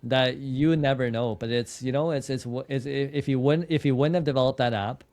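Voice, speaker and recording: A man's voice: medium pitch, fairly even intonation, brisk, darkish tone. A man, a podcast guest and entrepreneur, telling a story in a casual interview, often restarting words and quoting his own dialogue. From Canada. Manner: repeats and restarts words, tells anecdotes with quoted dialogue.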